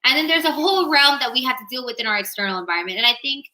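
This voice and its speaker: A woman's voice: sits high, animated, racing, pushed and bright, rough recording. A young woman, a musician appearing as a guest on a live stream, chatting in an upbeat, reflective way. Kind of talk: casual live-stream chat.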